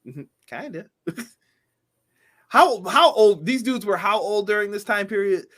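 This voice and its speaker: A man's voice: high-pitched, lively intonation, unhurried, fairly bright tone. Laughing man chatting about wrestling. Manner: laughs often, reads out viewer comments. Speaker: podcast co-host. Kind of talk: casual wrestling review chat.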